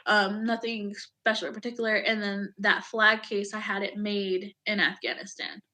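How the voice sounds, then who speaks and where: A woman in her thirties, an Army veteran, telling a personal story in an emotional, animated way, with casual swearing and acted-out quotes. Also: medium pitch, moderate pace. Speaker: podcast guest, Army veteran.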